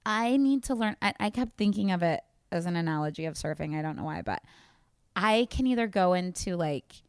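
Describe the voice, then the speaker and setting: A woman's voice: fairly low pitch, animated, fairly quick, smooth, no echo, clean studio sound. A young woman co-hosting a casual chat, musing on spiritual ideas and joking playfully. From Kansas. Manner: reflective, spiritual talk with playful jokes. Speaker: podcast co-host.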